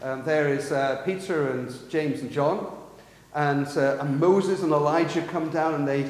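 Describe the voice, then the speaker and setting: A man's voice: fairly high pitch, measured pace. A man preaching a sermon in earnest, asking the congregation rhetorical questions in a church hall. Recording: echoey, long hall reverb.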